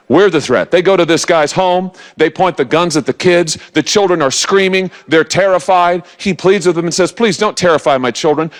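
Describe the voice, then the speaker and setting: A man in his forties, a senator giving a political rally speech to a live audience, emphatic and rousing, with lots of repetition. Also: a little high.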